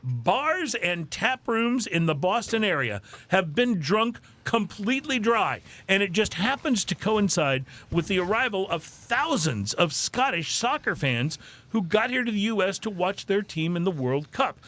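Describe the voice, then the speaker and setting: A man hosting a podcast, reading drinking news with deadpan jokes. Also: high voice, measured pace. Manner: animated, deadpan joking delivery. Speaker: podcast host.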